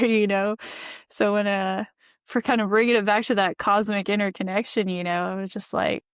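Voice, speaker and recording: A woman's voice: mid-range voice, steady tone, moderate pace, clear, resonant tone, no echo, studio quality. A woman guest on a podcast, telling her story in an earnest, reflective way and laughing often. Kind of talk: candid conversational storytelling.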